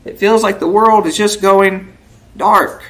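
A man's voice: high-pitched, fairly even intonation, slow, fairly bright tone, poor audio. A man preaching a sermon, asking the listeners questions and building vivid word pictures, with a dramatic rise when quoting the verses. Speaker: pastor. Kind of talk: expository sermon.

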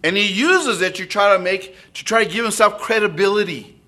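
A man's voice: high voice, brisk, pushed and bright. A man preaching an expository sermon, often checking in with listeners through tag questions.

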